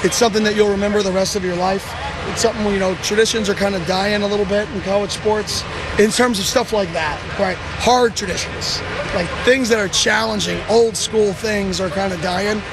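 Brief: male college football coach, earnest and reflective, high steady voice, outdoor clip with traffic noise. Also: brisk. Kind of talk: interview clip.

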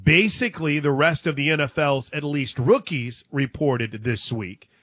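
A man's voice: a little high, unhurried, a bit bright. A man hosting a casual sports talk show, upbeat and teasing as he steers the chat. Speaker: host.

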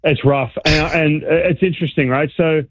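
An Australian man, a baseball analyst calling in as a guest, chatting in a lively way with frequent restarts over a tinny phone line. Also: fairly high pitch, normal speed, no room sound. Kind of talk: casual sports radio chat.

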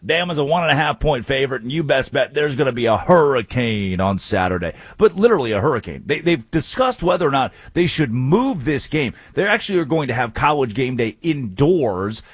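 Sports talk guy, husky voice, dry close mic, cracks jokes between picks. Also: medium pitch, sing-song, no echo. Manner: wisecracking, quick asides. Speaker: sports radio host.

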